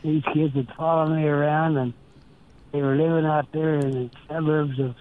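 A man's voice: a little high, fairly even intonation. An older man from Nebraska, a former pastor, telling earnest stories and quoting his talks in an interview. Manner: slow, earnest storytelling with quoted dialogue. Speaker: interview guest. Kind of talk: storytelling interview. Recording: tinny phone-like line.

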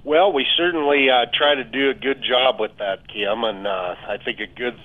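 A man, a financial adviser, speaking on talk radio with many hesitant fillers. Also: medium pitch. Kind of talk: talk radio phone-in chat. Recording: tinny phone line.

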